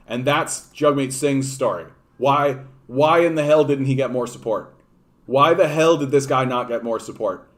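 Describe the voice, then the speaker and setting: Canadian guy ranting about politics on a stream, swears a lot, repeats himself. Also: medium pitch. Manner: blunt, profane, repeats himself. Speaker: political commentator. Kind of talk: casual livestream commentary.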